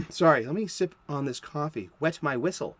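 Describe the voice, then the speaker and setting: A man's voice: a little high, expressive, moderate pace, a little hiss or hum. A man in his fifties with a Boston accent, hosting a casual solo talk about comics and rambling into joking asides. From South Boston, Massachusetts. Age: 50s. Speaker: comic book podcast host.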